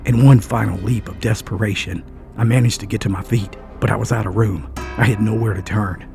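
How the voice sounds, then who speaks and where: A man's voice: lowish voice, fairly even intonation, fairly quick, vocal fry, a little mellow, faint music behind. A man narrating a first-person story in an earnest, dramatic way.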